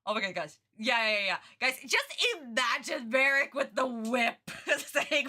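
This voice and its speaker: A woman chatting casually as a reaction video host, her bright, fairly high voice tumbling between tangents. She giggles often and rambles freely. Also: measured pace, hardly any pauses. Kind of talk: casual chat.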